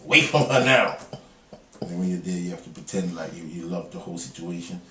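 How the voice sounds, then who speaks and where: A man's voice: sits low, lively intonation, a little fast, bright, forceful tone, a little hiss or hum. A middle-aged man, a guest in a casual interview, telling jokes and rambling stories with frequent laughter. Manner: laughing, joking, rambling storyteller. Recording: echoey room, mic far off, faint ambience.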